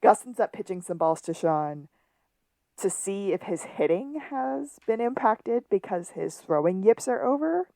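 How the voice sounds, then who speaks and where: A woman's voice: medium pitch, lively intonation, measured pace, vocal fry, warm tone, no room sound. A woman co-hosting a podcast, chatting casually as she recaps a TV episode and retells its scenes. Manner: chatty, laughs often, retells scenes with quoted lines. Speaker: podcast co-host.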